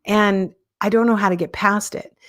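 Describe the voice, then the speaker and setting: A woman's voice: mid-range voice, steady tone, normal speed, a bit bright. Woman, 50s, podcast host, casual live monologue, candid and self-mocking. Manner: candid, self-deprecating, chuckles often.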